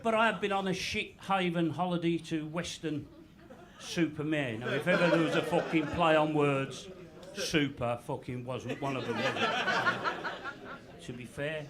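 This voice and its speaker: A man's voice: on the high side, lively intonation, unhurried. A man in his sixties with a Birmingham accent, doing a dry, sweary, self-mocking stand-up set on a comedy club stage. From Birmingham, England. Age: 60s. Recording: live club mic with crowd noise.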